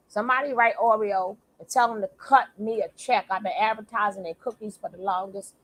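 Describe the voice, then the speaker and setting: A woman hosting a reaction channel, talking loudly and animatedly in casual commentary, laughing and repeating her phrases. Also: mid-range voice, brisk, hardly any pauses.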